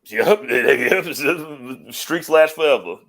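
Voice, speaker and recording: A man's voice: a little high, expressive, very slow, fairly bright tone. A man co-hosting a podcast, talking in a laid-back way with laughing asides. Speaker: podcast co-host. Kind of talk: casual chat.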